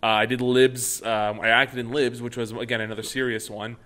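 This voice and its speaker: A man's voice: mid-range voice, little pitch movement, a bit bright. A young man chatting casually on a podcast, swearing and restarting his sentences. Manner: fast, swearing, hesitant restarts. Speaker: podcast co-host. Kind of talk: casual chat.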